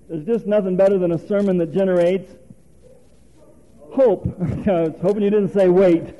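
A man's voice: high-pitched, unhurried, dark tone, low-quality recording. A male preacher giving a folksy, conversational sermon, quizzing the congregation and chuckling often.

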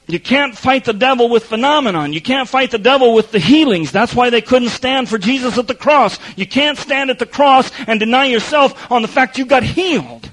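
A man with a high voice delivers a sermon from the pulpit. He swings between loud emphasis and hushed, low asides. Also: rough recording. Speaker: preacher.

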